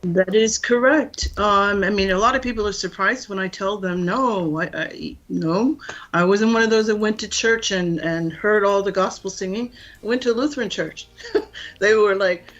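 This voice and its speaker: A woman singer being interviewed on a radio show, telling her story in a warm, storytelling manner. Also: mid-range voice, moderate pace, lo-fi sound, faint music behind. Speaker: singer guest. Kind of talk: interview answers.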